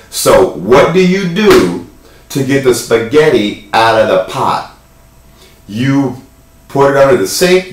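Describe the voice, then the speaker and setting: A man's voice: mid-range voice, far from the mic. Chatty man telling a story in an echoey room. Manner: animated, chatty storytelling with jokes. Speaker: wellness vlogger. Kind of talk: casual vlog monologue.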